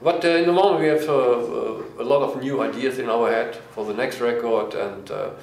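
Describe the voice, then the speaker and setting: A man's voice: medium pitch, gravelly, darkish tone. Hesitant man speaking in an echoey room. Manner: halting, many fillers and restarts, chuckles. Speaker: band frontman, interview guest. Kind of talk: casual interview. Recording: echoey room, faint noise.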